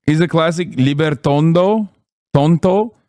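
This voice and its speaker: A man's voice: a little high, unhurried, a little mellow, no echo, studio quality. A man streaming, commenting casually on a clip in a mocking tone and laughing often.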